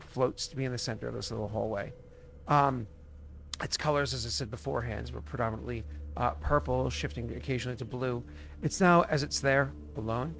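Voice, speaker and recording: A man's voice: mid-range voice, slight background noise. A man narrating as game master, rambling and filled with ums and uhs.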